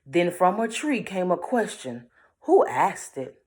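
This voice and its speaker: A woman's voice: lowish voice, sing-song, unhurried, darkish tone. Woman reading a picture book aloud. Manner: playful, talks to the listener about the pictures. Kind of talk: read-aloud with chatty commentary.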